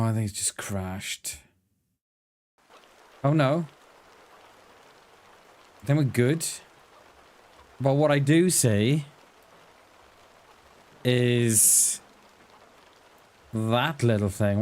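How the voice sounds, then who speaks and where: A man's voice: medium pitch, very slow, long pauses, a little mellow. A man casually chatting to viewers as he plays a survival game, greeting them by name and thinking aloud. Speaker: streamer playing a survival game. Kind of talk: casual live-stream chat.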